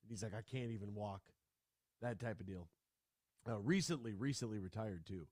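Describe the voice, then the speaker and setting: A man's voice: on the low side, normal speed, no room sound, studio quality. A man hosting a sports radio talk show, chatting casually and ranting with lots of restarts. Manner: animated, ranting, full of restarts.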